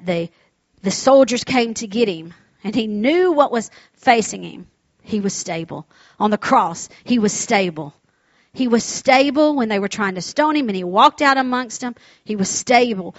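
A woman's voice: fairly high pitch, a bit bright, no room sound, muffled recording. A woman preacher delivering a sermon in an emphatic, repetitive manner, often asking the congregation for an amen.

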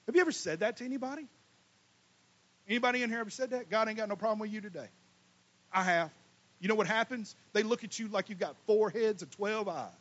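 A man preaching a sermon as pastor, swinging between loud emphatic lines and quiet asides. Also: high voice, quick pace, lo-fi sound. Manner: folksy, casual Southern US speech.

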